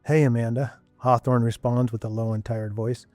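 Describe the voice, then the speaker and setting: A man's voice: medium pitch, level tone, moderate pace, darkish tone, dry recording, soft background music. Man narrating an audio story. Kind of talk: scripted narration.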